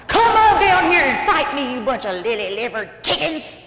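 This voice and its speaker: Woman doing a bragging giant bully, shouted taunts, echoey church. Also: high-pitched, big pitch swings, normal speed, heavy background noise, pitched above the performer's own voice. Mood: taunting. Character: huge boastful male giant warrior.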